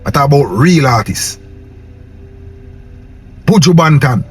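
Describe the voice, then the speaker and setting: A man's voice: on the high side, expressive, slow, music in the background. A young Jamaican man with a Patois accent, ranting to camera in a casual vlog and tagging his lines with "yo" and "man". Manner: impassioned, preachy, repeats "yo" and "man". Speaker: vlogger.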